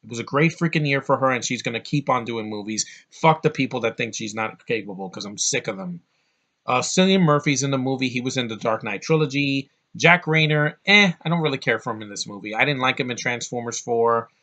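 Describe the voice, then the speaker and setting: Bright-voiced man ranting about a movie. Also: medium pitch, expressive, fairly quick, highs cut off. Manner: rambling, profane, fired-up. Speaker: movie reviewer. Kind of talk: casual movie review vlog.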